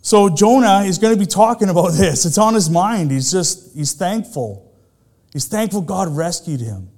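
A man's voice: high-pitched, lively intonation, normal speed, a little mellow. A middle-aged man, a pastor, preaching a sermon in a conversational way, full of rhetorical questions to the congregation.

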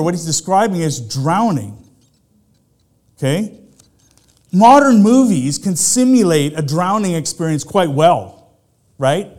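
A man's voice: a little high, a little mellow. A middle-aged man, a pastor, preaching a sermon in a conversational way, full of rhetorical questions to the congregation.

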